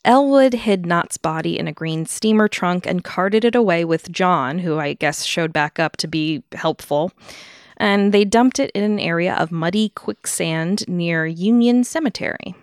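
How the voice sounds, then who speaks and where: Podcast co-host, woman, gravelly low voice, casual storyteller who laughs a lot, dry close recording. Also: a little slow, no room sound. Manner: laughs often while narrating. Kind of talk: casual chat, reading a true-crime history.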